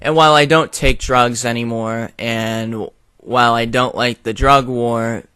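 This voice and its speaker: A man's voice: mid-range voice, steady tone, measured pace, bright, forceful tone, clear, resonant tone, no room sound, studio quality. A young man who rants his opinions to his viewers in a blunt, profane way, with a lot of fillers. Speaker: video commentator. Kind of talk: opinion rant to camera.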